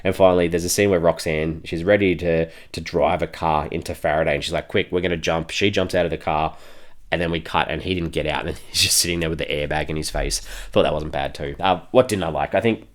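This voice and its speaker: A man's voice: low-pitched, brisk. A tired man hosting a film review podcast in a casual, rambling way, chuckling often between thoughts. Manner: rambling, chuckles often, many fillers and restarts.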